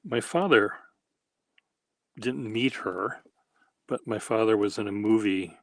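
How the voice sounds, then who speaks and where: Man, deep-ish voice, unhurried drawl, casual meandering chat, halting storyteller. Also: creaky, fairly bright tone, dry recording. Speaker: host.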